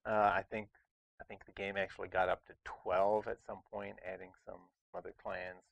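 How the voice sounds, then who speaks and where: A man's voice: low voice, little pitch movement, normal speed, gravelly. A man hosting a casual board game review, talking in a chatty, rambling way with lots of restarts. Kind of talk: casual chat.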